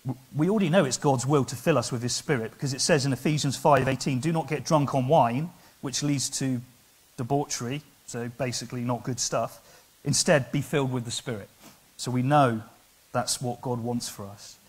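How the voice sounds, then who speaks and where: A man with an English accent preaching a sermon in church, earnest and conversational, building to loud, emphatic passages. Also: medium pitch, moderate pace, husky. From England. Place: church hall.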